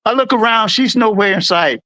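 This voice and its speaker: Talking a little fast, a middle-aged livestream host from the United States shares stories about his service, with no room sound in the recording. He's lively and acts out each person's quotes in a raised, higher voice.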